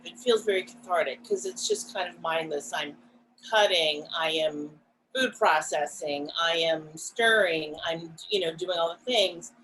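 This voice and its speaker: A woman co-hosting a podcast, talking in a reflective, casual way, soft-spoken and pausing often with fillers. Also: on the low side, a little hiss or hum, poor audio. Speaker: podcast co-host.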